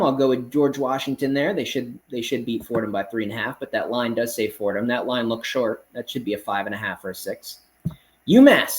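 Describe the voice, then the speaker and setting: A man's voice: mid-range voice, slight background noise, rough recording. Brash man firing off betting picks. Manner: confident, blunt, brash, calls listeners man. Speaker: sports betting picks host. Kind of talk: casual rapid-fire betting picks monologue.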